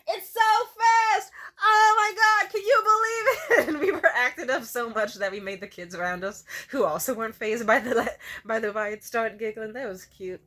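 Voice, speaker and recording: A young woman vlogs candidly from home in a confessional style, with a mid-range voice. She swears a lot, laughs often and is a little tearful, swinging between loud outbursts and quiet mumbles.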